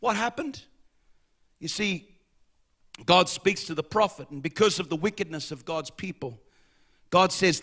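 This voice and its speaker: A man preaching a sermon as pastor, impassioned, swelling to shouts and dropping low, and calling the congregation to answer back. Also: normal speed, gravelly. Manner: calls for congregation responses.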